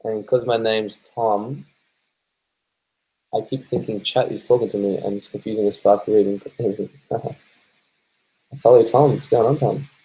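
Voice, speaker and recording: A stoned Australian man hosting a casual live stream. His voice sits a little low, and his talk is loose and unhurried. He swears freely and laughs as he reads out viewer comments. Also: steady tone, mellow, poor audio. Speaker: live-stream host reading viewer chat.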